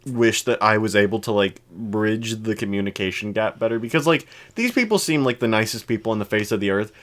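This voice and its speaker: A man's voice: fairly low pitch, animated, brisk, fairly bright tone. A young man co-hosting a podcast, telling a long story in casual chat with lots of restarts and fillers. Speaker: podcast co-host.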